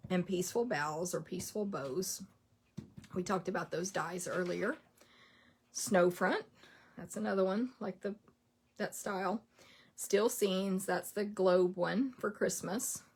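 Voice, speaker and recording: Gravelly chatty woman. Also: mid-range voice. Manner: chatty, rattles through a list, lots of "like" and "um". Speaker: craft product demonstrator. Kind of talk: casual product rundown.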